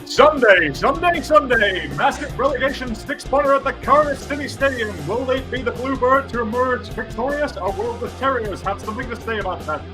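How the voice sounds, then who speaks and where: Booming American truck-rally announcer. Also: male voice, over music. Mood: hyped. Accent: American, put on. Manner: drawn-out, hyped announcer delivery.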